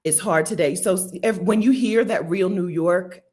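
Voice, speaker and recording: A woman's voice: fairly low pitch, normal speed, a little mellow. A woman hosting a casual live stream, talking through viewer comments, laughing often and acting out quoted voices.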